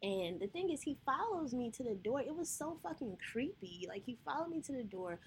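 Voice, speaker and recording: A woman's voice: high voice, very animated, a little fast, slight background noise. Candid, cursing woman storyteller. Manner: candid, profane, emotional storytelling. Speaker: podcast host. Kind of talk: personal storytelling monologue.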